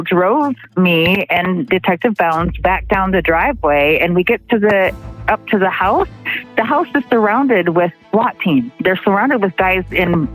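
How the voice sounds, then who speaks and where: Guest woman, halting storyteller, lots of fillers, faint music underneath. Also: mid-range voice, poor audio. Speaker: interview guest, partner of the accused. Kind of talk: casual recounting of events.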